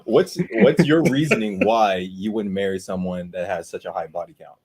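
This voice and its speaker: A man's voice: sits low, normal speed, crowd noise. A man co-hosting a live stream, asking the guest probing questions and laughing often. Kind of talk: casual live-stream chat.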